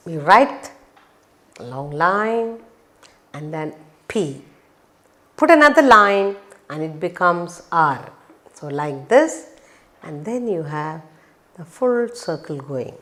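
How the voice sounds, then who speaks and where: A woman teaching children phonics in a slow, sing-song teacher voice. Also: on the low side, pushed and bright. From India.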